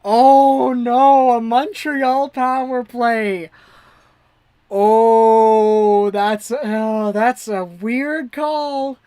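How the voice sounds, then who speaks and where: Excitable woman calling hockey live. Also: on the high side, drawn-out words, no echo. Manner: excitable, swings between hushed worry and shouting. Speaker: livestream host. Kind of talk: live fan play-by-play commentary.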